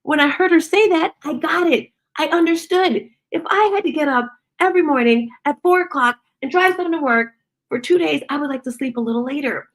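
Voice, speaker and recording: A middle-aged woman giving a casual motivational talk, expressive and chatty, acting out conversations as she goes. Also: high-pitched, a little fast. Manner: expressive, acts out quoted conversations. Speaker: motivational speaker and fitness studio owner.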